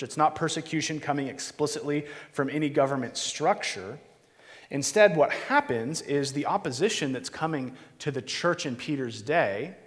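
Earnest pastor preaching in a reverberant church. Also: male voice, fairly high pitch. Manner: earnest, conversational preaching with fillers and restarts. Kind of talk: sermon with prayer.

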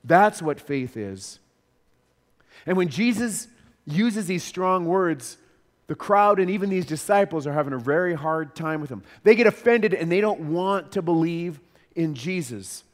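A pastor delivers a sermon in a fairly high voice. He talks earnestly, doubling words for emphasis. A long reverb trails behind him. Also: expressive, unhurried.

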